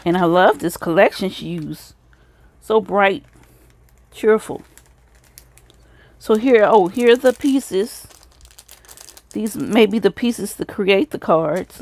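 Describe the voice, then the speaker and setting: A woman talks in a relaxed show-and-tell way, praising each craft piece she picks up. Her voice sits at an ordinary middle pitch. The sound is close and dry, with no room around it. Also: vocal fry, no room sound. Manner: gushing, repeats praise often. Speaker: craft video host. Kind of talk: casual show-and-tell of craft swap items.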